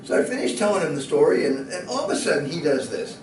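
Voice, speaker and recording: Brief: expressive man spinning a funny anecdote, far from the mic in a roomy space with faint background. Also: fairly high pitch, fast talker, noisy background. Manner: lively, building to excited shouting and laughter. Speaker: speaker. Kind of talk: animated storytelling. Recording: echoey room from a distant mic.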